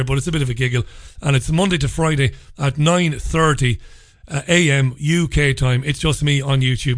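A man's voice: a little high, fairly bright tone, no room sound. A man hosting a live radio talk show in a chatty, upbeat way with rambling asides. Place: radio studio.

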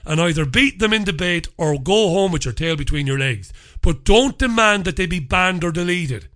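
An unwell man hosts his own show alone, launching into a fiery, foul-mouthed rant. His voice sits high for a man, with a bright, piercing edge. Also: animated, moderate pace, hardly any pauses. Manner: heated, profane, forceful ranting. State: unwell with a lingering infection. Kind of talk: solo monologue, ranting commentary.

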